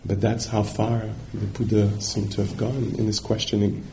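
A man's voice: on the low side, level tone, moderate pace, gravelly, noisy background. A man giving a dharma talk as a meditation teacher, searching for words and checking in with his listeners.

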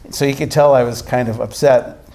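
A man, a meditation teacher, telling a story in a dharma talk with animated delivery and frequent restarts. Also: mid-range voice, brisk, a little hiss or hum.

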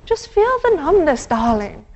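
A woman's voice: sits high, very animated, darkish tone, voice pushed up, low-quality recording. Woman imitating an older German meditation teacher. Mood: soothing. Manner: coaxing, drawn-out endearments.

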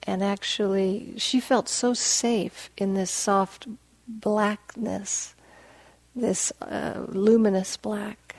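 A woman meditation teacher giving a dharma talk in a soft, gentle, unhurried voice that often drops to a hush. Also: medium pitch, steady tone, no room sound. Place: meditation hall.

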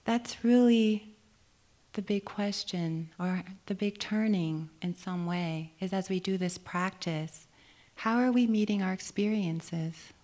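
A woman meditation teacher giving a dharma talk on retreat, gentle and reflective, often asking questions and laughing easily. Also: mid-range voice.

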